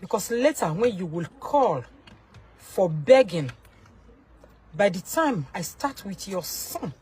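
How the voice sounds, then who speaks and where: A young Nigerian woman with a Nigerian accent scolds and warns in an angry rant straight to camera, shifting between shouts and low pleading. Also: sing-song, slow pace, rough recording. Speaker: social media personality.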